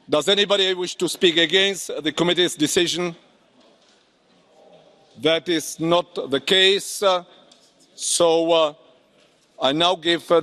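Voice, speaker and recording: A man chairing a parliament session, calling votes in a halting, procedural manner with many fillers. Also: fairly high pitch, a bit bright. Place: large parliament chamber. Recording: long hall reverb, faint crowd.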